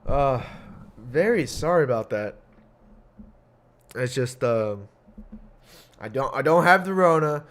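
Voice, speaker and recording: Animated but slow, with long pauses, this young solo podcast host has a mid-range, fairly bright voice. His talk is rambling, profane and jokey, broken now and then by coughing.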